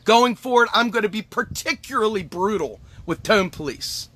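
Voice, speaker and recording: A man's voice: sits high, animated, moderate pace, sharp tone. A man delivering an angry, emphatic political monologue as host, swearing and repeating lines for effect. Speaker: podcast host.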